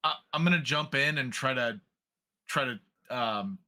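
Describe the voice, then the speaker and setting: Man, tabletop player, very bright voice, casual, fillers. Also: mid-range voice, normal speed. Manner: loose, laughing, filler-heavy.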